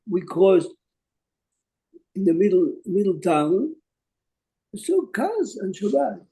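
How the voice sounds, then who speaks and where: A man's voice: sits high, dark tone, poor audio. An older man from Jerusalem, a rabbi teaching an online class and telling stories in English sprinkled with Hebrew terms.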